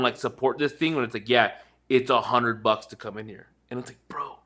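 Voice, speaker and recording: Male podcast co-host, casual and animated, bright forward tone. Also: mid-range voice, brisk, slightly rough. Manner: animated, acts out movie quotes. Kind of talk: casual chat.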